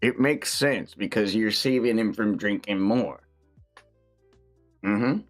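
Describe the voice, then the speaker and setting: A man's voice: on the low side, slow. Man player in a tabletop game, brash, teasing, faint music behind. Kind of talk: casual tabletop game chat.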